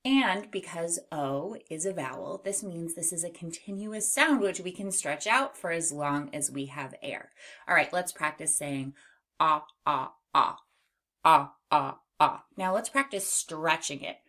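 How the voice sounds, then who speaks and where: A woman teaching a children's phonics lesson, slowly stretching out and modeling each sound. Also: on the low side, expressive, fairly bright tone. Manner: slow, exaggerated sound modeling.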